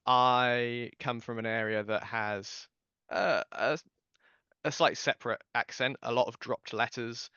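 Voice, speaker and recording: A man with a received pronunciation accent speaks thoughtfully, pausing on "um"s, his voice bright and crisp. The recording is a little dull and lo-fi. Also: medium pitch, no room sound. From southern England. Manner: thoughtful, hesitant, many "um"s. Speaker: podcast guest. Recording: slightly dull, lo-fi sound.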